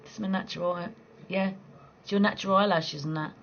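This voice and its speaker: A woman from southeast England with a local accent, chatting casually with viewers on a late-night live stream from home, blunt and quick to laugh. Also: on the low side, steady tone, a bit bright, lo-fi sound, a little hiss or hum. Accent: southeast English. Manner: chatty, blunt, swears freely, laughs easily.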